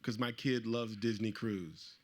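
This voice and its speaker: Speaking at a book event, this middle-aged author shares a personal story with his live audience, delivering it animatedly and voicing the people he quotes. His voice runs on the low side, and his pace is a little slow.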